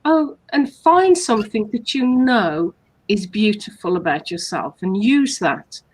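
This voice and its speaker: A woman's voice: medium pitch, expressive, unhurried. A woman co-hosting a casual coaching chat, patiently explaining steps and acting out sample compliments. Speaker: hypnotherapist co-host.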